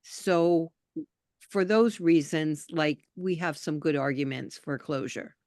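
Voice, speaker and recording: A woman from New York state with a rather low voice, speaking up on a video call. She is chatty and animated, dropping into quiet asides, and the sound is close and dry with no room echo. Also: takes it slowly. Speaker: call participant, activist. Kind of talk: casual video call conversation.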